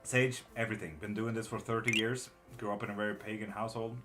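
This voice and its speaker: A man's voice: on the low side, little pitch movement, fast, music in the background. A middle-aged man doing a casual live-stream tarot reading, reading out chat and muttering curses under his breath. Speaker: tarot reader and witchcraft teacher.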